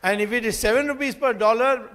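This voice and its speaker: A man's voice: extremely high pitch, fast, a bit bright. A man giving a public lecture, rambling through stories with fillers and restarts. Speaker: public speaker. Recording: hall reverb.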